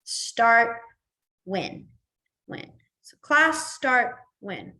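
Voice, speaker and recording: Young woman, class teacher; chatty, laughs easily, slightly high voice. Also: wildly swooping pitch, extremely slow, bright, forceful tone. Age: young adult. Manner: chatty, laughs often, many fillers. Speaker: sign language teacher.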